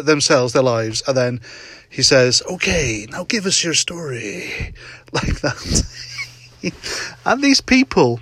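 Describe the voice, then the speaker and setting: A man's voice: a little high, fairly bright tone, dry recording. A middle-aged man hosting a casual solo podcast from his parked car at night, telling a story with frequent laughs and swearing. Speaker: podcast host.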